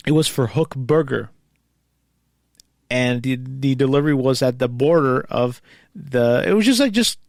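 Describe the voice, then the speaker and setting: A man's voice: on the high side, vocal fry, dry recording, studio quality. A man hosting a casual solo show, reading posts aloud and commenting on them in a rambling, conversational way. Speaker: podcast host.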